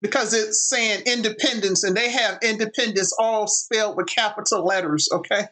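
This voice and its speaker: An upbeat woman hosting a couples panel, her voice bright and forward. She laughs easily and keeps the talk moving. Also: mid-range voice, normal speed. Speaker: host. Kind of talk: casual panel discussion.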